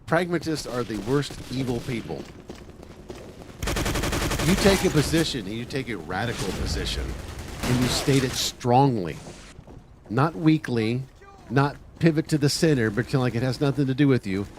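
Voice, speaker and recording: A man's voice: medium pitch, animated, normal speed. A man hosting a livestream, delivering a blunt, combative political monologue with frequent profanity. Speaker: livestream host. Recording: noisy livestream audio.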